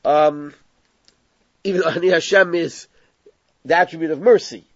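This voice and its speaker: A man's voice: on the high side, normal speed, dry recording. A man teaching a text study class, explaining the passage step by step and mixing in Hebrew terms. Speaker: Torah teacher. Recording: dull lo-fi recording.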